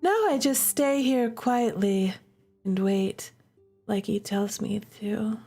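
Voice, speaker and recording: A woman reading aloud as a weary young woman held captive, quiet and drowsy, slipping into whispers. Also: medium pitch, slow pace, husky, faint music behind. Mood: dazed, wistful. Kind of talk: reading game dialogue aloud.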